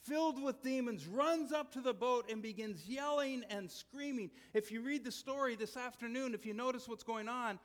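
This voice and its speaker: A man preaching a sermon as a pastor, telling stories conversationally and dropping to quiet, earnest tones for emphasis. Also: very high-pitched, normal speed, few pauses, in a large hall.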